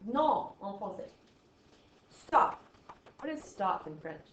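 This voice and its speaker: A woman's voice: medium pitch, very animated, normal speed, a little hiss or hum. Playful woman teaching math in an echoey room. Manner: playful, exaggerated, jokey asides. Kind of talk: classroom math lesson. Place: classroom. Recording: echoey classroom, dull lo-fi sound.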